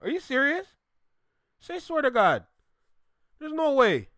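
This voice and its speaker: Speaking in a very high voice, a man hosts a reaction video in an animated, jokey style, feigning outrage and drawing words out slowly for effect. It's a clean studio recording without any echo.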